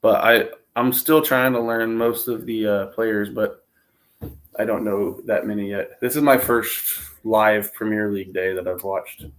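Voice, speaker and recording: A man's voice: fairly low pitch, fairly even intonation, unhurried. An American man hosting a livestream, chatting casually and rambling, with frequent laughs. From United States. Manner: easygoing, rambling, laughs often. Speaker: host.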